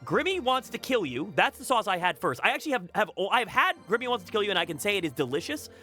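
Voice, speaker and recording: A man's voice: sits high, very animated, fast talker, bright, forceful tone, soft background music. A man hosting a casual chat podcast, rambling and repeating words, laughing often. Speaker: podcast host.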